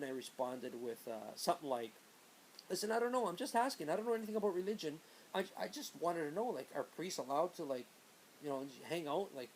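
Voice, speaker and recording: A man's voice: mid-range voice, a little mellow, slight background noise, rough recording. A man in his late thirties telling a story from his youth in a casual, rambling way, full of asides. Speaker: vlogger.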